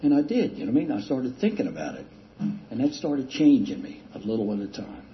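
An older man casually telling a self-deprecating recovery story, rambling with halting restarts and chuckles. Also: mid-range voice, sing-song. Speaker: speaker sharing a recovery story. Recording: dull lo-fi recording with faint hiss.

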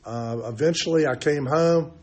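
A man's voice: on the high side, moderate pace, a little mellow. An older man shares his recovery story at a meeting, candid and self-mocking. He tells it loosely, with plenty of ums and restarts. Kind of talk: personal recovery testimony.

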